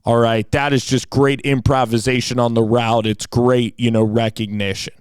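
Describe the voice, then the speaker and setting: A man's voice: medium pitch, little pitch movement, normal speed, smooth, dry recording. An enthusiastic man giving a casual football film breakdown, with frequent "like" and "you know" fillers.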